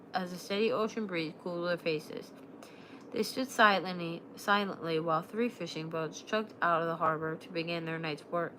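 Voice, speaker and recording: Bright-voiced woman reading a novel aloud. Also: on the low side, a little hiss or hum, poor audio. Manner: steady, occasionally stumbling over words. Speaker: reader, streamer.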